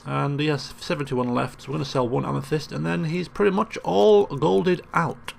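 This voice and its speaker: A man's voice: on the high side, fairly even intonation, normal speed, gravelly, a little mellow, a little hiss or hum. A man giving chatty, joking commentary as he plays a video game. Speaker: let's play host. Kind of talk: casual gameplay commentary. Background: game music.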